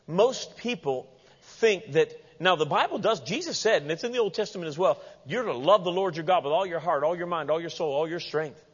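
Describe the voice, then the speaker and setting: A man preaching a sermon as pastor, animated and playful, acting out the voices of the people he quotes. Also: on the high side, a little fast, husky. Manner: animated, acts out quoted voices with humorous asides. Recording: dull lo-fi sound with long hall reverb.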